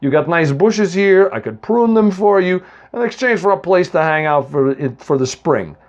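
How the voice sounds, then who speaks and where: A man acting out a pint-sized male leprechaun with a tinny voice and a mob boss's swagger. He snaps out sarcastic put-downs and orders with a bouncy, lively pitch. The recording is dull and lo-fi. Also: moderate pace. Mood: menacing. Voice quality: tinny, small voice. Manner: snappy, sarcastic, bossy.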